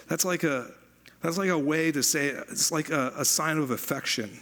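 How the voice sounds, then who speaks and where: A man preaching a sermon as pastor, conversational and animated, repeating phrases for emphasis. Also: on the high side.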